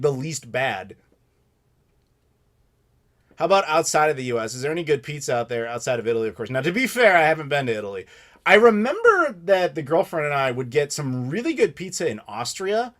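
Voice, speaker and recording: A man's voice: a little high, fairly bright tone. Male host, 30s, American. Live Q&A stream, opinionated, ranty, casual swearing. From United States. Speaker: channel host answering live questions.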